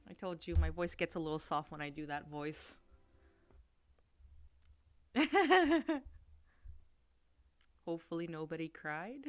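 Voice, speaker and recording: A woman's voice: low-pitched, animated, slow pace, long pauses. Giggly chatty woman streamer. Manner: giggly, chatty, full of "like" fillers. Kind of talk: casual chat on a livestream.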